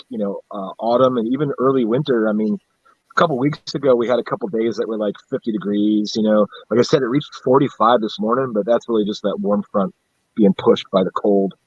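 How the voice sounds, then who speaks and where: In casual chat on a live stream, a husky man from central upstate New York rambles through profanity-laced stories and laughs at himself. His voice is middle-pitched, and the audio is dry, slightly dull, and echo-free, like a lo-fi streaming mic.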